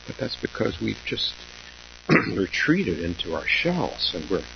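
Low-voiced man giving a slow Zen talk. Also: sing-song, gravelly. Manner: slow, halting, reflective with pauses and soft laughs. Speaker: Zen teacher. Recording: dull lo-fi recording with faint hum.

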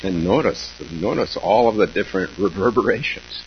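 The speaker is a Zen teacher giving a dharma talk, his lowish voice animated even as he proceeds slowly and haltingly, reflecting aloud with pauses and soft chuckles. Audio quality is dull and lo-fi, carrying a faint hum.

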